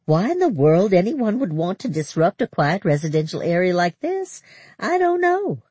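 A composed, capable woman who runs every committee explains her case in a measured, knowing tone, as an audiobook reader voices her. The voice is husky with a lively, moving pitch, recorded close and dry. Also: no room sound. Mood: firm. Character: poised, capable older woman, committee chair. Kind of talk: audiobook character voice.

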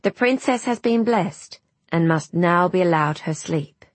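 A woman's voice: lowish voice, expressive, measured pace, dry recording. A woman voicing a proud, possessive young queen in a storybook reading, lilting and earnest and turning to pleading.

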